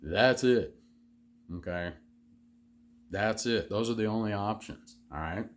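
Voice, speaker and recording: A man's voice: lowish voice, slow. A man delivering an angry, sarcastic, profanity-heavy rant as a vlogger. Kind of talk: profane political rant to camera.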